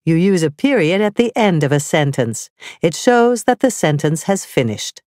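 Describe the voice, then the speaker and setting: A woman narrating a scripted grammar lesson, reading slowly and carefully with clearly spelled-out examples. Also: fairly low pitch, very animated, a little mellow, no room sound, clean studio sound. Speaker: teacher.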